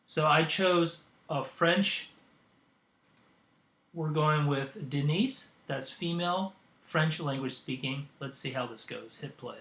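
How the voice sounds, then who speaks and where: Man, tutorial host, gravelly, hesitant with filler words, echoey room. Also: a little high, slow pace, fairly bright tone. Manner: hesitant, with frequent ums and uhs. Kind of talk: screen-recorded software tutorial.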